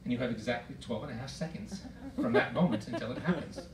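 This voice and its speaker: A middle-aged man performing stand-up comedy, telling stories in an exasperated way with shouted outbursts. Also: mid-range voice, expressive, quick pace, a loud crowd. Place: performance hall with a live audience. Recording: roomy hall recording from far off, loud noise.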